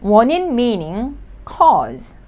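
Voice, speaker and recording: A woman's voice: on the high side, sing-song, normal speed, a little mellow. A woman teaching vocabulary in English, sounding out each syllable and repeating every word. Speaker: Korean language teacher. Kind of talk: slow, clear vocabulary lesson.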